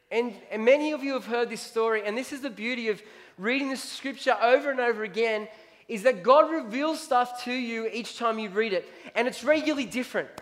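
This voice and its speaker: High-voiced emphatic preacher man. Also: a bit bright. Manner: emphatic, repeating key lines, reading scripture aloud. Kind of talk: sermon.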